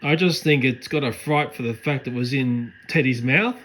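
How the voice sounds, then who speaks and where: A man's voice: medium pitch, moderate pace, a bit bright, a little hiss or hum, poor audio. A man, chatting casually to his camera and his cats as he carries garden creatures back outside. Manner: chatty, fond running commentary to animals and camera. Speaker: pet owner filming his cats. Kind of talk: casual vlog commentary. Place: backyard garden at night. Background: faint night ambience with frogs and crickets.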